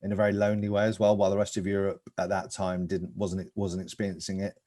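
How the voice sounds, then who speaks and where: A man's voice: sits low, monotone, quick pace, warm tone. A man speaking on a cycling podcast in a reflective, earnest way. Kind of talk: podcast discussion.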